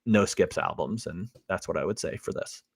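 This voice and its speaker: A man's voice: sits low, normal speed, vocal fry, slightly rough. A man co-hosting a podcast in casual chat, dry and teasing with sarcastic jokes. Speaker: podcast co-host.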